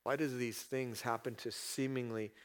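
A man delivers a sermon in a relaxed, conversational way, at a middle pitch. He reads scripture calmly and then jumps his voice up, louder and higher, to act out people's prayers and God's replies. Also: normal speed. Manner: conversational preaching, acts out prayers in raised voice. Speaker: pastor.

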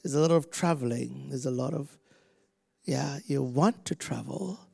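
A man preaching and praying over a person, slow and emphatic, shouting commands then softening to near whispers. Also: mid-range voice, creaky, husky. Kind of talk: prophetic ministry and prayer.

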